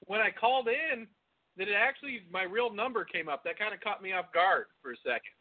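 His voice is high, animated and fairly quick as this middle-aged man co-hosts a podcast by phone. Loose and profane, he laughs a lot and swears freely, the line sounding tinny.

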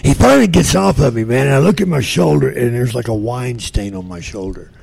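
Gravelly older man telling profane stories. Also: mid-range voice, lively intonation, fairly quick, a little mellow. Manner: profane, drawling storyteller, acts out voices. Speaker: guest. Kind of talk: casual storytelling.

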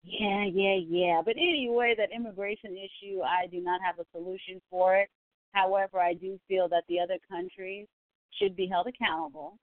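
Speaking in a mid-range voice at normal speed with fairly even intonation and no echo, a woman reads viewer comments on her casual livestream from home. She's blunt and chatty, laughing often and swearing freely; the sound is dry and tinny, like a phone.

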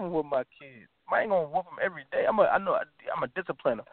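A man's voice: on the high side, racing, few pauses, no echo. A man co-hosting a podcast, telling loose slangy stories in casual chat. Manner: loose storytelling, slangy and animated. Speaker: podcast co-host. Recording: tinny phone-like line.

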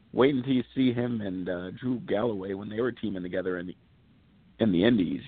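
A man's voice: on the low side, quick pace, slightly rough. Man talking wrestling over a phone line. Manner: rambling, animated storytelling with fillers. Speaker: podcast co-host. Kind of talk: casual wrestling talk.

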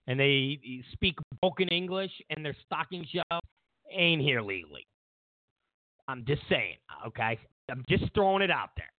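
A man's voice: a little high, no echo. Rambling man on a tinny, dry line. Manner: rambling, repeats words, restarts often. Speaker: talk show host. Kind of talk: political commentary monologue. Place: Los Angeles. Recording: dry, tinny phone-like sound.

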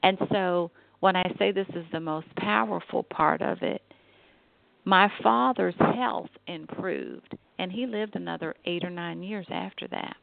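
A woman's voice: fairly low pitch, a little slow, creaky, no echo. A middle-aged woman telling a personal family story in a conversational way, acting out the people she quotes. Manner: warm, conversational, acts out quoted voices. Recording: tinny phone-like recording.

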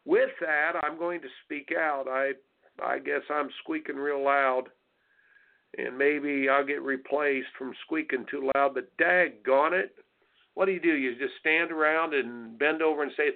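A slightly high male voice with vocal fry and fairly even intonation speaks at a measured pace over a tinny phone line. He's an American tennis coach and radio host giving coaching advice, blunt, folksy and preachy, ridiculing soft attitudes in sing-song asides.

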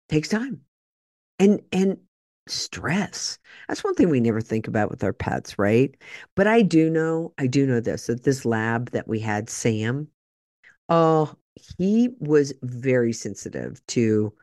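A woman hosts a podcast in a casual, rambling monologue full of jokey asides. Her pitch bounces around with animated emphasis. The sound is close and dry, with no room echo. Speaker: podcast host.

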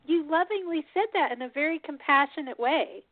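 Woman host in her fifties, rambling and self-deprecating, slightly high, on a tinny line. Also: lively intonation, brisk, no room sound. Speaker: radio show host. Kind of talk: casual interview talk.

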